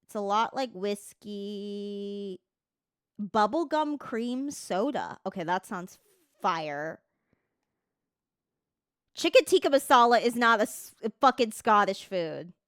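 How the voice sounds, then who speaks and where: A woman livestreamer in casual chat, reading text aloud at an unhurried pace. Her voice is smooth and clear, recorded close and dry with no room sound. She swears easily and trips over words as she reads. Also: medium pitch, expressive, fairly bright tone, no room sound.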